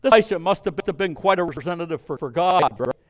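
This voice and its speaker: A man preaching a sermon, reading scripture and retelling it with animated emphasis and conversational asides to his listeners. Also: a little high, fast talker.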